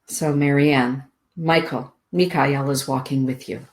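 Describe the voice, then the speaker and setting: A middle-aged woman hosting a spiritual show, reading oracle cards aloud in a soothing, deliberate way. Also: extremely low pitch, steady tone, a little mellow. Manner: slow, soothing, deliberate delivery with drawn-out words. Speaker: host giving oracle card readings.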